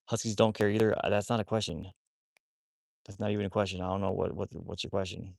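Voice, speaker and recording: Man, livestream host, gravelly, quick, rambling, dry close sound. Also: sits low, steady tone, darkish tone, no room sound. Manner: rambling, many restarts; talks to his dogs while chatting. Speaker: wolfdog rescue livestream host. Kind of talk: casual livestream chat.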